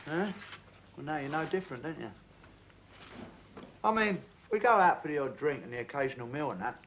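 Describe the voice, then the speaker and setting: An actor playing a cheeky but decent young bricklayer who teases and calls people "love", in a TV drama. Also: male voice, on the high side, expressive, brisk, a bit bright. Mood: banter. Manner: teasing, chatty, uses "love" a lot. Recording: muffled old TV soundtrack with faint hiss.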